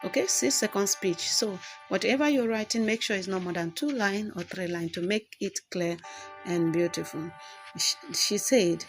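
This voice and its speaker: A woman's voice: medium pitch, moderate pace, faint music behind. A woman hosting a step-by-step tutorial, explaining as she goes and often checking in with "okay". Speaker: tutorial host. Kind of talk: screen-recording tutorial.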